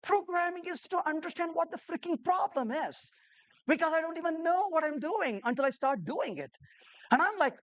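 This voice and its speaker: Lively, high-voiced woman giving a talk. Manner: animated storyteller who acts out conversations; rhetorical questions to the audience. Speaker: conference speaker. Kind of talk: live conference talk to a room of developers.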